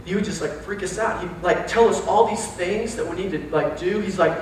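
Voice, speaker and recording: A young man with a Texan accent preaching a casual, joking sermon to young adults, telling animated stories with slang. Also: high voice, moderate pace. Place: large church hall. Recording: very echoey hall, distant mic, faint hiss.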